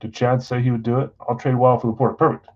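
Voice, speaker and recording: A man's voice: medium pitch, level tone, rapid-fire, darkish tone. Guy running a live card stream, rambling and casual, calls out names, kinda muffled lo-fi audio. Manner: casual, scattered, self-deprecating, reads off buyers' names. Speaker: card break host.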